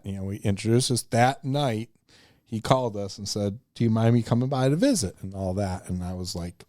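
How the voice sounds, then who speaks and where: A podcast co-host from the northern United States tells stories animatedly in a casual chat, acting out quoted voices. His voice is on the low side and the sound is dry, with no echo.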